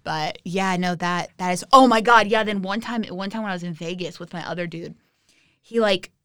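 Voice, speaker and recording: A young woman guesting on a podcast, telling animated stories full of swearing and fillers. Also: lowish voice, moderate pace, dry recording, clean studio sound. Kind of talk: casual storytelling.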